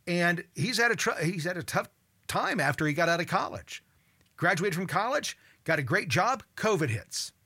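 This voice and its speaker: A man in his sixties hosts a call-in radio show in a high, bright voice. He talks in an animated, worked-up way, stumbling over repeated words and cursing when something annoys him. There is a clear, forceful edge to his delivery. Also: moderate pace. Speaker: radio talk show host.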